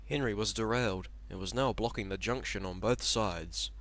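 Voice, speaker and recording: A man's voice: fairly low pitch, normal speed, hardly any pauses. A man narrating a comic cartoon parody in a storybook style. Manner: lively, animated storytelling.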